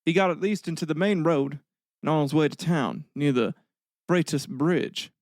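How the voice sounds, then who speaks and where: A man doing a drawling Southern witness reading out a sworn statement in a slow, solemn, old-fashioned way. The voice sits a little high for a man. It sounds close and dry, with no room around it. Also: dry recording, natural voice. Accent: Southern US, put on. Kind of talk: dramatic reading of an old affidavit.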